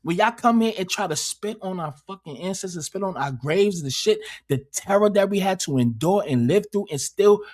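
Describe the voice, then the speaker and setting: A man's voice: sits high, expressive, moderate pace, hardly any pauses, darkish tone. A man hosting a casual livestream, rambling and swearing heavily, often repeating words as he talks. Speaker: livestream host.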